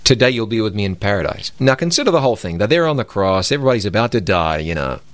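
A man's voice: fairly low pitch, sing-song, fast, no room sound. A man co-hosting a religious broadcast, speaking emphatically in a preacherly way and quoting scripture. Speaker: co-host of a Bible program.

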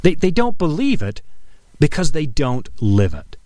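A man preaching an earnest radio sermon, dropping his voice low for quoted scripture. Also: wildly swooping pitch, a little slow, warm tone, no echo. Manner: earnest, emphatic, drops low for quoted lines. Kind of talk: broadcast sermon.

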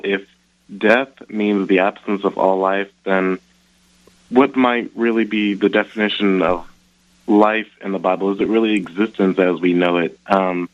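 A man calling in to a radio show, asking a question slowly and thoughtfully. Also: low-pitched. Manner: thoughtful, slow, searching for words. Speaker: caller. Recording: dull lo-fi phone line.

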